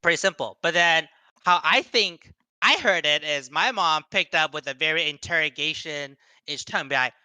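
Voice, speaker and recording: A man's voice: fairly high pitch, normal speed, pushed and bright, clear, resonant tone, no room sound. A young man giving a casual seminar talk to young people, rambling with many fillers and restarts and acting out quoted voices. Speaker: seminar speaker.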